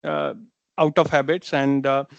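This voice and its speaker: A man answering questions as a guest in a webinar, measured and hesitant, with many fillers. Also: on the high side, flat delivery, vocal fry, clean tone, dry recording, lo-fi sound. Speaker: consultancy guest. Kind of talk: webinar discussion.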